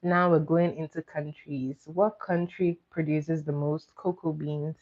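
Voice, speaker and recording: A woman's voice: low-pitched, fairly even intonation, unhurried. A woman hosting a casual trivia game on a live stream, coaxing her viewers and repeating each question. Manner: coaxing, reads questions out to chat and repeats them. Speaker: livestream host running trivia. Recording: dull lo-fi stream audio.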